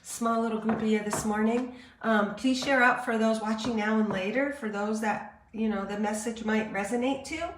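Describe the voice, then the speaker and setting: A woman giving a live-streamed channeled spiritual message in a slow, searching, meditative way. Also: on the high side, steady tone, reverberant, slight background noise.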